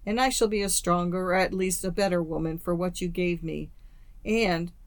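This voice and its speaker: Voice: mid-range voice, steady tone, moderate pace, dry recording, close to an everyday voice. A storyteller reading the lines of a young woman in a storybook, tearful and resigned, spoken mournfully. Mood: grave.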